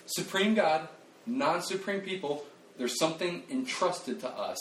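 Guy preaching casual, lively and chatty, lots of restarts, echoey room, mic kinda far off. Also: a little high, measured pace, slight background noise. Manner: animated, conversational, self-deprecating, with frequent restarts and fillers. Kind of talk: casual sermon. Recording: roomy, distant mic, faint ambience.

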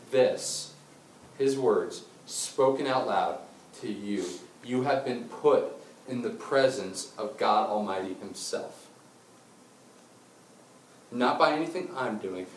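A man preaching a sermon, telling a Bible story with lively acted-out voices and then slowing into quiet, intense appeals. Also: fairly low pitch, slight background noise. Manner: animated storytelling, acting out quotes, dropping to quiet intensity. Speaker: pastor. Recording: roomy and distant with faint ambience.

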